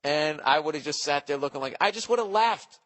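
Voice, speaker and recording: Profane, animated man telling a story. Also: a little high, fairly quick. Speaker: podcast host. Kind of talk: casual comedic monologue.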